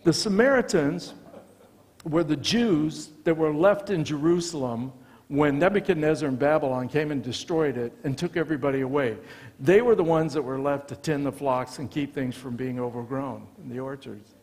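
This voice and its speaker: American male preacher, fairly high voice, lively storyteller, long church reverb. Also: normal speed. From United States. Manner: animated storytelling, acts out dialogue. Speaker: visiting pastor. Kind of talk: sermon. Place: church sanctuary.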